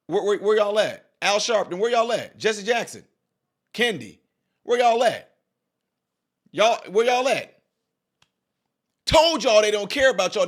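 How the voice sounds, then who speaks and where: A man with a fairly high voice delivers fired-up political reaction commentary. He talks straight to his audience, piling on rhetorical questions and repeating himself for emphasis. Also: fairly bright tone. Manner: addresses viewers directly as y'all.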